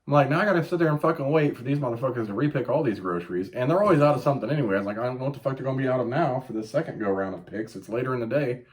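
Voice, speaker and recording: This man in his late thirties hosts a podcast, and his medium-pitched voice comes rapid-fire with few pauses. He tells stories in a casual chat, swearing plenty and yelping out quotes with animated energy.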